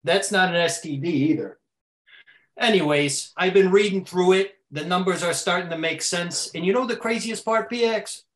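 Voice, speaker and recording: A man's voice: sits high, moderate pace, close to an everyday voice. A man playing a brash, rambling tough-guy co-host with a mobster swagger. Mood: boastful. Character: brash rambling male mob-style co-host. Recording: roomy echo.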